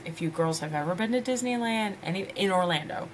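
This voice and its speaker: A woman in her twenties talks to camera in a loose, rambling vlog chat. Her voice sits on the low side, and she laughs often as she calls her viewers ladies. A faint hiss of noise runs under the recording. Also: lively intonation, a little fast. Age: 20s. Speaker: vlogger.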